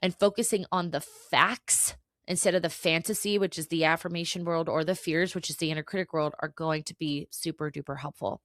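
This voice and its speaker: Earnest, low-voiced woman podcaster. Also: steady tone, fairly quick, no room sound, studio quality. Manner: emotional, swears, earnest pep talk. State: tearful at times. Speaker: podcast host. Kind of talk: casual solo podcast talk.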